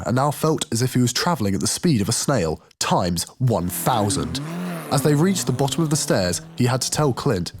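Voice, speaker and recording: A man narrating a musical audiobook in a wry storytelling manner. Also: medium pitch. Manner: wry, storytelling with lively intonation. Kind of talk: scripted narration.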